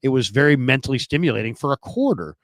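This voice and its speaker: A man's voice: mid-range voice, lively intonation, fast, no room sound. A man in his forties hosting a sports podcast, talking casually in a hesitant, thoughtful way. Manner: hesitant, full of ums, thoughtful. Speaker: podcast host.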